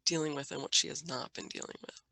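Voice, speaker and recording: A woman in her thirties from Minnesota, a guest in a casual interview who tells stories warmly and laughs often. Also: low-pitched, steady tone, fast talker, creaky, no echo. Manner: warm storytelling, laughs often. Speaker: guest parent.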